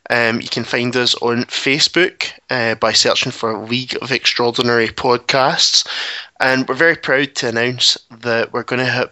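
A man's voice: medium pitch, bright, forceful tone, dry recording, muffled recording. A man hosting a podcast, giving friendly announcements with lots of ums and uhs. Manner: friendly, filler-heavy. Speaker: podcast host.

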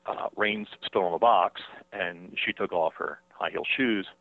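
A man, an author being interviewed by phone, talking in a halting way with many fillers and restarts. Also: sits low, no room sound. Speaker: author and guest. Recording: tinny dry phone line.

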